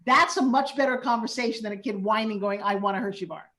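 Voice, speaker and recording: A woman in her fifties hosting a casual chat, telling animated parenting stories and acting out quotes. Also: mid-range voice, fairly quick. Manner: animated storyteller who acts out quotes. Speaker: host.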